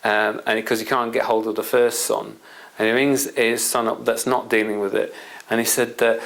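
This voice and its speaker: Guy rambling through a story to make his point, gravelly voice, middling pitch, lots of asides. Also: little pitch movement, moderate pace, a bit bright, low-quality recording. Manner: rambling, anecdotal, many asides to the listener. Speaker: presenter. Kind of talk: explanatory storytelling talk.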